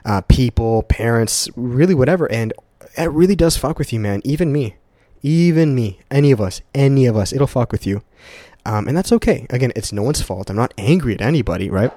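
A man's voice: mid-range voice, expressive, fairly quick, warm tone, no room sound, clean studio sound. A young man hosting a casual motivational podcast on his own. He talks to his listeners in an earnest, profane way and repeats words for emphasis. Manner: speaks straight to listeners as "guys". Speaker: podcast host. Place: at home in a condo.

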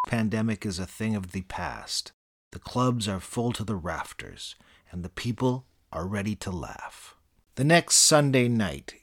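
A middle-aged man giving scripted comedic narration in a deadpan, self-aggrandizing manner. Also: on the low side.

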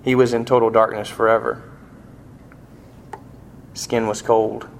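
A man's voice: mid-range voice, level tone, a little slow, gravelly, slight background noise. A man preaching a sermon in a folksy, conversational storytelling manner. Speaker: pastor.

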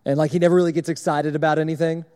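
A man's voice: on the high side, little pitch movement, racing, a little mellow, big-room sound. A young man preaching a sermon to a room, in a conversational, illustrative way, repeating his points. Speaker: speaker at a church service.

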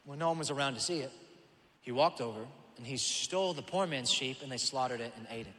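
Bright-voiced pastor with lively storytelling. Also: male voice, medium pitch, fast talker, big-room sound. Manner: animated storytelling with acted-out voices. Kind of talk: sermon. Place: church auditorium.

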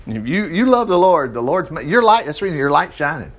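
Folksy, animated male Bible teacher. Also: a little high, fast talker. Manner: folksy, chuckling asides while reading scripture. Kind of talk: informal Bible study teaching.

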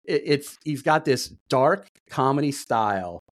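A man's voice: mid-range voice, animated, measured pace, no room sound. A man co-hosting a podcast, explaining his picks in a loose, stop-start way. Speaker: podcast co-host. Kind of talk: casual debate chat.

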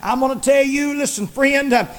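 A man with a strikingly high voice preaches a fiery sermon as a pastor. He rolls along in a rhythmic preaching cadence, circling back on his phrases and building up to shouted lines. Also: normal speed. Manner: repeats phrases, frequent "praise the Lord".

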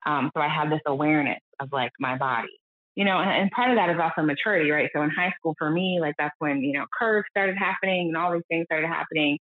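A woman from the United States speaking candidly as a podcast guest, earnest and reflective, often quoting others in a lowered voice. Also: quick pace, no echo. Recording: dry, phone-like lo-fi audio.

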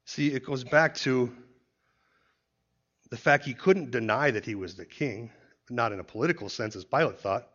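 A man's voice: medium pitch, moderate pace, pauses often, a bit bright. A man giving an expository Bible teaching who explains points step by step and often starts a point with "see". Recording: dull lo-fi recording.

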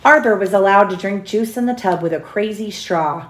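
A mother reading a storybook aloud to her children at home, pausing to ask them questions. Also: medium pitch, reverberant, low-quality recording. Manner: pauses to quiz the children.

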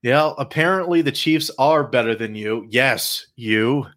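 Guy hosting a sports podcast, playful, hypes things up, medium voice. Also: medium pitch. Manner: animated, playful, drawn-out hype calls. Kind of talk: casual sports talk.

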